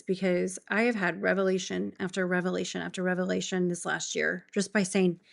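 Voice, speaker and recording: A woman's voice: fairly low pitch, little pitch movement, gravelly. Earnest woman sharing a faith testimony. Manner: earnest, emotional, quick bursts of enthusiasm. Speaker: podcast guest.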